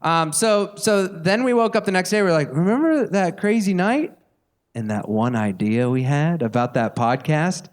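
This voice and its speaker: High-voiced man telling a lively story. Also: moderate pace. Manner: animated, laughing storyteller. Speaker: podcast co-host. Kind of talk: live podcast storytelling. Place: live stage in front of an audience.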